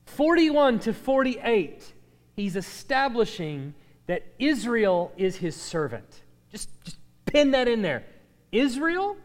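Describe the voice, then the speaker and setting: A man with a high voice teaches a Bible class. His pitch swings widely as he explains the verses. He reads them out with dramatic flair, and the sound rings in a long hall reverb. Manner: animated, reads verses dramatically, repeats words when restarting.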